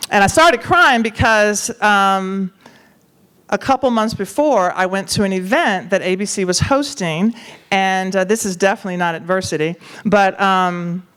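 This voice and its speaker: Woman, smooth clear voice, animated storyteller, conversational, acts out quoted voices. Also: medium pitch. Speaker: talk show co-host telling a story.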